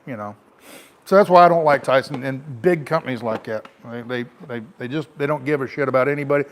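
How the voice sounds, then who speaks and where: A man's voice: on the high side, a little fast. A middle-aged American man, a truck driver, telling a rambling, frank story to camera in a casual way.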